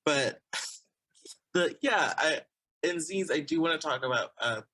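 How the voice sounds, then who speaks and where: A man's voice: fairly high pitch, lively intonation, takes it slowly, pushed and bright, no room sound. A young man from Texas, a guest on an interview podcast, talking casually in a rambling way with frequent laughs and restarts. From Texas, USA. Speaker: guest, illustrator and comic artist.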